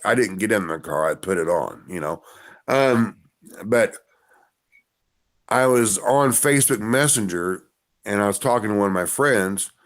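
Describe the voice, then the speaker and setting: A man's voice: lowish voice, fairly bright tone. A man, a musician guest on a podcast, telling rambling stories in casual conversation. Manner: rambling storyteller. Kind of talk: casual interview chat.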